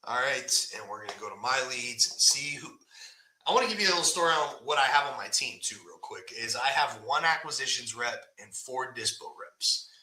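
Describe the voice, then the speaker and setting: A straight-talking man hosts a live podcast session in a loose coaching manner. His voice is very bright and forceful. It rings around a roomy, echoey space. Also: mid-range voice. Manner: blunt, fast, animated, says "right?" often. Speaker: podcast host. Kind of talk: casual live-stream coaching talk. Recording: echoey room.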